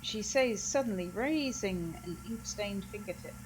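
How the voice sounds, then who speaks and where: A woman hosting a let's play, reading game narration aloud in a lively way. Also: medium pitch, measured pace, a little hiss or hum, low-quality recording.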